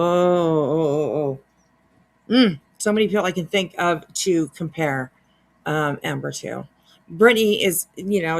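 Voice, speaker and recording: A woman hosting a casual reaction commentary, sarcastic and laughing often, with some swearing. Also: fairly low pitch. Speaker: commentary channel host.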